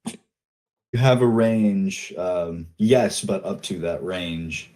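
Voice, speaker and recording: A man running a tabletop game as game master, calmly describing scenes and directing players. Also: sits low, drawn-out words, rough recording.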